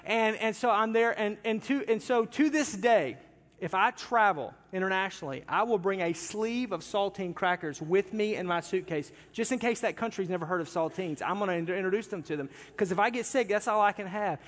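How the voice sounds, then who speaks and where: A man's voice: sits high, fairly quick, fairly bright tone. A pastor telling a humorous story in a sermon, talking animatedly and directly with his congregation in a church sanctuary. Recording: long hall reverb from a large church.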